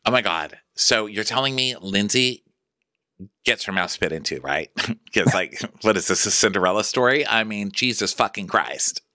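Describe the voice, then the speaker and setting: A man co-hosting a comedic TV recap podcast, campy and quick-witted, chatting casually. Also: fairly low pitch, lively intonation, pushed and bright, no echo, clean studio sound. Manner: campy, quick-witted, acts out cast members' quotes. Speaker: podcast co-host.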